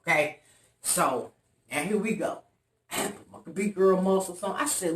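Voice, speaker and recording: A woman's voice: lowish voice, a little slow. A woman vlogger telling a long story to her viewers in a casual, dramatic way, acting out the voices of the people in it. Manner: animated, dramatic retelling with loud quoted voices. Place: room in an apartment. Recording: echoey room, voice off-mic.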